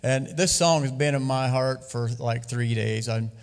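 A man's voice: mid-range voice, measured pace, gravelly. Man preaching in a reverberant hall. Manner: lively, loud bursts, sings and laughs at times. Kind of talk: sermon. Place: church hall. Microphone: handheld mic.

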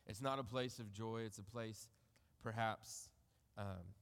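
A man preaching a sermon, reading scripture aloud and reflecting on it in a measured way that trails off softly at the ends of phrases. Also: fairly low pitch, steady tone, gravelly, big-room sound. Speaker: pastor.

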